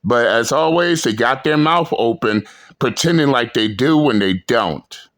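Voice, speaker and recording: A man hosting a reaction video, talking slowly and emphatically in a profane, ranting commentary. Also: mid-range voice, animated, fairly bright tone. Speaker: channel host reacting to clips.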